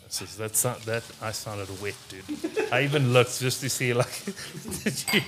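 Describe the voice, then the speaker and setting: A man's voice: medium pitch, animated, measured pace, loud music behind the voice. A South African man co-hosting a casual podcast, laid-back and saying dude a lot. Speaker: podcast co-host. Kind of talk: casual chat.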